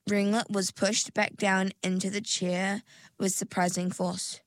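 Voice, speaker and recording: A woman narrating a children's storybook in a slow, even, clear reading. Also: medium pitch, dry recording.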